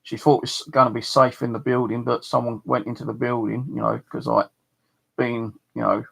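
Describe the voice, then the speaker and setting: Gravelly man with a southeast English accent. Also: medium pitch, a bit bright. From southeast England. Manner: rambling, swears freely, many fillers. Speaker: channel host. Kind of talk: casual storytelling to camera.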